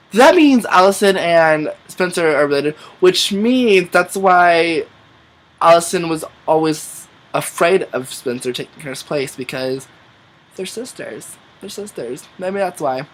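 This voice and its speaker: A young man in a casual vlog, recapping a TV episode in an excitable, chatty way, with lots of fillers and casual swearing. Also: a little high. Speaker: vlogger.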